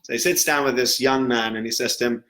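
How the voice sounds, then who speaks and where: A man giving a sermon as a rabbi, telling stories in an animated way and acting out the people in them. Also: medium pitch, fast. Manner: animated storyteller who acts out the people in his stories. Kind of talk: storytelling sermon. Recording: roomy echo.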